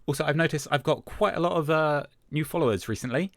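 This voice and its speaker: A man's voice: a little high, quick pace, dry recording, clean studio sound. A man hosting a Minecraft let's-play, casually talking through what he does with many hesitant fillers. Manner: relaxed, self-talking as he plays. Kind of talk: casual gameplay commentary.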